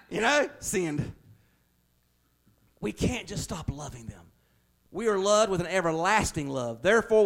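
High-voiced pastor preaching. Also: male voice, creaky. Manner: conversational, building to emphatic raised passages. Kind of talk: sermon.

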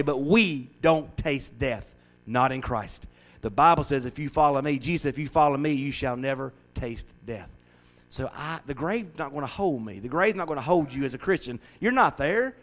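A middle-aged man preaching an informal sermon and Bible study, folksy and conversational, swinging from hushed asides to loud, lively exclamations. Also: on the high side. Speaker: pastor.

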